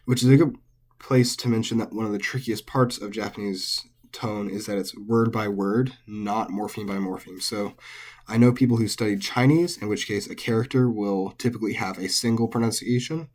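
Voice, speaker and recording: A man explaining Japanese pitch accent in a patient, methodical lesson, with frequent fillers. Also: moderate pace, darkish tone. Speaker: language teacher.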